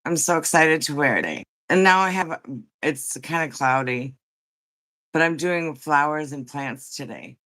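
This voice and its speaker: A woman hosting a relaxed livestream, talking at an unhurried, drawn-out pace. She rambles chattily with plenty of fillers and greets her viewers one by one. She sounds like she has just woken up. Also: sits low. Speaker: livestream host. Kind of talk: casual livestream chat.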